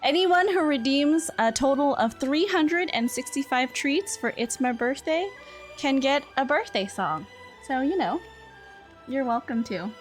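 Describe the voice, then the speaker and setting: Young woman, high voice, slow unhurried chat, giggly, scatterbrained, faint music behind. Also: expressive. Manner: giggly, easily distracted, apologetic. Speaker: streamer. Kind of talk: casual chat with viewers.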